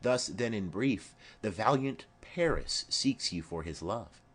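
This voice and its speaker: A man's voice: lowish voice, expressive, unhurried, slightly rough. A man reading a stately noble mother. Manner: formal, persuasive. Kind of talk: audiobook play reading.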